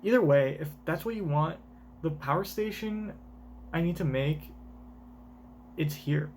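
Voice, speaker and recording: A man's voice: a little high, unhurried, a little mellow, a little hiss or hum. A man voicing a coy, scheming young woman scientist in a teasing, sing-song voice while reading a manga aloud in voices.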